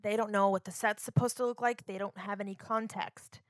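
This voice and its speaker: A woman's voice: mid-range voice, fairly even intonation, fairly quick, no echo. Podcast co-host, woman from Florida, chatty and loose, dry mic. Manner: chatty, filler-heavy, lots of "like". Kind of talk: casual podcast chat.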